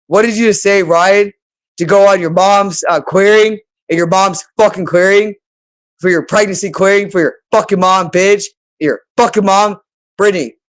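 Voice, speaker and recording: Woman vlogger, heated accusatory monologue, coarse and rambling. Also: lowish voice. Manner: agitated, accusatory, profane ranting. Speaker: channel host. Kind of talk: unscripted monologue to camera.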